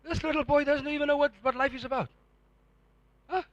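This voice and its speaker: A man preaching a sermon as pastor, animated and firing rhetorical questions at the congregation. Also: very high voice, brisk, dry recording, lo-fi sound.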